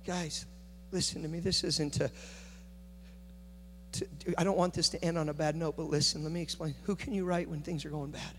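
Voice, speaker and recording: High-voiced preaching man in a reverberant hall. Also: fairly even intonation, moderate pace, long pauses, slight background noise. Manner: swings from hushed storytelling to loud preaching. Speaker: pastor. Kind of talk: conference sermon.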